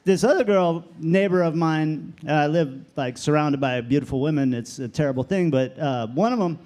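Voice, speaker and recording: Male open-mic comic, slightly high voice, meandering and halting. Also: darkish tone. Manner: rambling, hesitant, many fillers. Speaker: stand-up comic.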